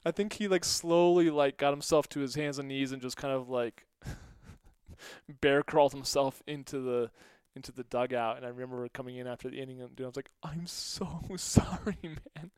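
A middle-aged man tells stories on his own podcast in a smooth, clear voice, recorded close and dry. He talks casually, jumps up in pitch to act out what people said, and keeps breaking into laughter. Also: normal speed, no echo. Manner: animated, acts out quotes with raised pitch, laughs often. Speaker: podcast host. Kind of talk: casual storytelling monologue.

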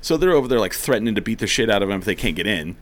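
A man's voice: on the low side, expressive, rapid-fire, a bit bright. A man chatting casually, telling a rowdy story with plenty of swearing and laughter, acting out what people said. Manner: swears freely, laughs often, acts out quotes.

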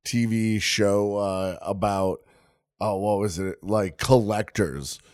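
A man's voice: lowish voice, steady tone, slow, darkish tone, no room sound, studio quality. A man chatting casually on a podcast, rambling with lots of fillers. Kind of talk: casual chat.

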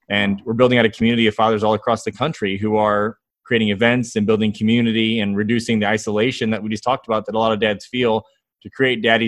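A man in his thirties, a guest in an interview, telling lively stories about his kids and acting out their quotes. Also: on the low side, dry recording. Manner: enthusiastic storyteller, acts out quotes. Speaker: guest, fatherhood author and founder. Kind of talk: conversational interview storytelling.

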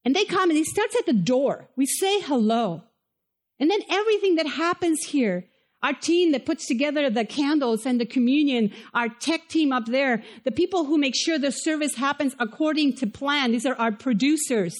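Woman pastor preaching in a chapel, high voice, emphatic, throws in asides. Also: animated, normal speed. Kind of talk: sermon. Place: church chapel.

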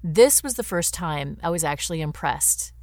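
A woman's voice: deep voice, animated, moderate pace, darkish tone, no room sound, clean studio sound. A woman co-hosting a podcast, chatting casually about an old film and often restarting sentences mid-thought. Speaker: podcast co-host.

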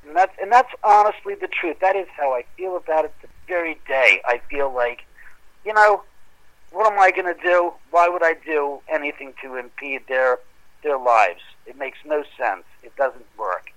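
Animated man telling a ghost story. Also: moderate pace, poor audio. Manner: animated, acts out quoted dialogue with rising pitch. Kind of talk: casual storytelling on a podcast call.

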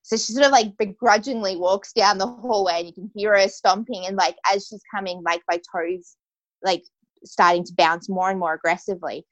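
A woman's voice: medium pitch, fairly even intonation, moderate pace, dry recording. A young adult woman telling a personal story as an interview guest, casual and full of "like" and "you know". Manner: casual, heavy use of "like" and "you know" fillers.

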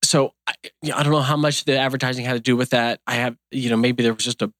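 A man's voice: mid-range voice, fairly even intonation, quick pace, fairly bright tone, no room sound, studio quality. A man in his fifties who owns a donut shop, talking in a casual interview in an earnest, folksy, rambling way. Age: 50s.

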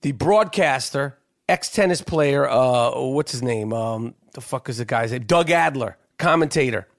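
A man hosting a podcast, telling a story in a lively, profane, casual chat. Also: medium pitch, unhurried, gravelly. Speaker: podcast host.

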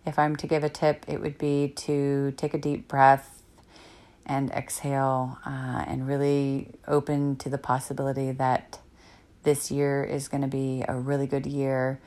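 Hosting a parenting podcast by herself, a woman in her thirties talks casually, reflecting and rambling with lots of fillers. Her voice is a rumbling low and mellow, delivered in a monotone at a measured pace.

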